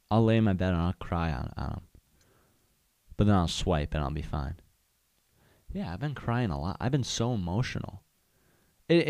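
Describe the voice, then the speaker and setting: Rambling young man, low dry voice. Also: a little mellow, dry recording. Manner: rambling, candid, lots of fillers. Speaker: podcast host. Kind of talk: casual solo chat.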